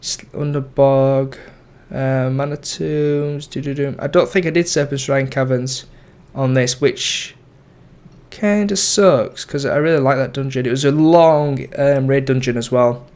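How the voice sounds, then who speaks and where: A young man chats casually about his game character. His voice sits at an ordinary middle pitch. He rambles, trails off, and corrects himself as he goes. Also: measured pace, darkish tone, smooth. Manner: rambling, lots of ums and self-corrections. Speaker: gaming YouTuber. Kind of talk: casual gameplay commentary.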